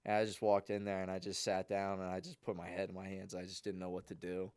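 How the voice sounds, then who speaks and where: A young man, a podcast co-host, telling a long, rambling story in a casual, animated way. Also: deep voice, quick pace, smooth, dry recording.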